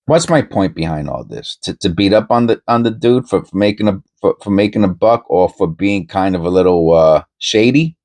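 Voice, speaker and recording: Low-voiced man rambling about coins. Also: animated, normal speed, hardly any pauses, a little mellow. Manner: rambling, self-interrupting, conversational. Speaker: coin-hunting channel host. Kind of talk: casual commentary to camera.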